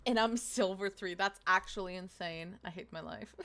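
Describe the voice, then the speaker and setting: A woman's voice: fairly low pitch, moderate pace, a bit bright. A woman streaming a video game, chatting casually and swearing often. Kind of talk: casual gaming stream chat.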